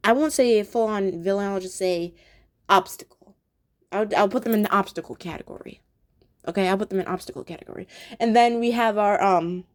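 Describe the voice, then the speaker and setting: A woman's voice: a little high, a little mellow. A young adult woman casually reviewing a cartoon episode, chatty and giggly with many ums and restarts. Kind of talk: casual chat.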